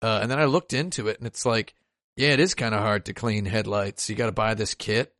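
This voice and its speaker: A man's voice: lowish voice, fairly quick, a bit bright, no echo, clean studio sound. A man co-hosting a podcast, trading jokes and wry asides in casual conversation. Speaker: podcast co-host. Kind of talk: casual chat.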